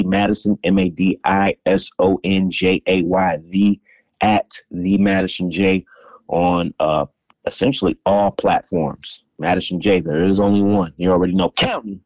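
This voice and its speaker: A man's voice: deep voice, fairly even intonation, a little mellow, no echo. A man hosting a radio show, plugging his name in a laid-back drawl. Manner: laid-back, spells things out slowly. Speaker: radio host.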